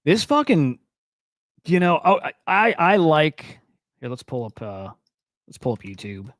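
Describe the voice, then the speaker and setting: A young man runs a casual crypto news stream in a fairly high voice, loose and rambling and quick to swear when he gets worked up. The sound is close and dry, with no room around it. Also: dry recording. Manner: loose, profane, rambling, excitable. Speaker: crypto and NFT news host. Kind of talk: casual live-stream commentary.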